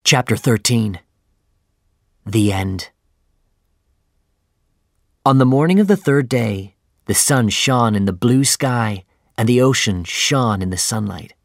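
A man reading a story aloud in a measured, plain storytelling manner. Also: medium pitch, expressive, gravelly, no room sound, studio quality. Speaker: narrator. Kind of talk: scripted audiobook narration.

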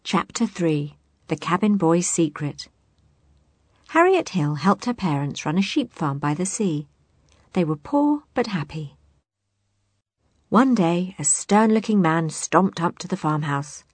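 A woman narrating a children's storybook aloud in an expressive, animated way. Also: lowish voice, unhurried, pauses often, husky, no echo.

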